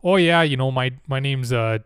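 A man's voice: medium pitch, moderate pace, clear, resonant tone, no room sound, clean studio sound, lightly acted. A man voicing a timid male army man with a Minnesotan accent, speaking in a meek, folksy, singsong way.

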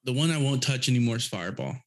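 A man's voice: mid-range voice, animated, rapid-fire. A young adult man talking as a podcast guest, laid-back and rambling, swearing freely and leaning on fillers. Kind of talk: casual chat.

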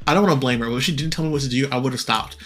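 A young man co-hosting a podcast, chatting casually and telling stories quickly, acting out what others said. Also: mid-range voice, fairly bright tone. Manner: fast storytelling, acts out quoted voices. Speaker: podcast co-host. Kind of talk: casual chat.

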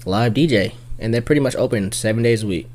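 A man casually telling a night-out story, animated and playful, and he mimics other people's voices as he goes. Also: quick pace. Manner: animated storyteller, acts out high squeaky voices for the women he quotes.

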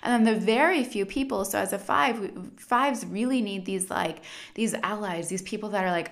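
A woman's voice: medium pitch, moderate pace. Chatty woman, filler-heavy analysis. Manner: chatty, many "like" and "you know" fillers, drops into quoted voices. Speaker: commentator analyzing a documentary. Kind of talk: casual spoken analysis.

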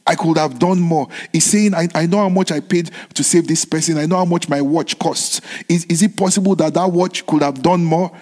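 A man's voice: a little high, fairly even intonation, a little fast, few pauses, a little mellow. A male preacher delivering a sermon in a slightly raised voice, leaning on repetition and calling out to his listeners for a response. His voice rings with the long reverb of a large hall.

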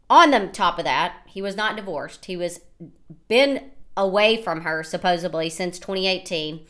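A woman in her thirties from the United States, hosting a podcast and telling a personal story in an animated, rambling way, often quoting what others said. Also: lowish voice. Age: 30s. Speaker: podcast host. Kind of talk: casual storytelling monologue.

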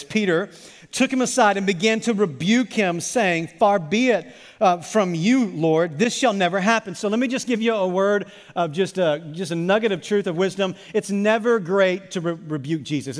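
A male pastor delivers a sermon with a high-pitched voice, pressing his points through repetition and stammered restarts. His words ring out with a long hall reverb behind them.

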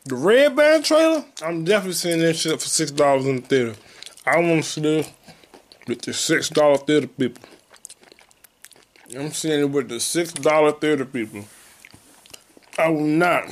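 Man ranting profanely on a podcast. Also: a little high. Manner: profane, animated ranting with sudden loud outbursts. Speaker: podcast host and stand-up comedian. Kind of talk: casual solo podcast rant.

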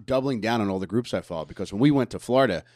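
A man's voice: lowish voice, racing, a crowd in the background. A man, a guest on a comedy podcast, rambling and crude with lots of fillers. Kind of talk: casual comedic chat.

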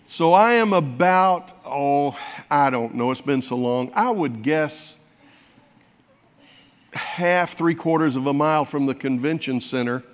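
A man's voice: a little high, measured pace. A man preaching a sermon, telling a folksy, self-mocking story to his congregation. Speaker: pastor. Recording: long hall reverb.

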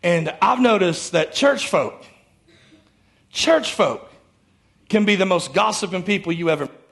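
High-voiced gravelly preaching man. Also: animated, unhurried, a bit bright. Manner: emphatic preaching with call-and-response to the congregation. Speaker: pastor. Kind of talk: sermon. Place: church sanctuary before a congregation.

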